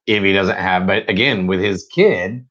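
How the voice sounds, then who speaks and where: A man's voice: sits low, normal speed, fairly bright tone. A man co-hosting a casual live stream, supportive and a little hesitant. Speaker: co-host. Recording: dull lo-fi stream audio.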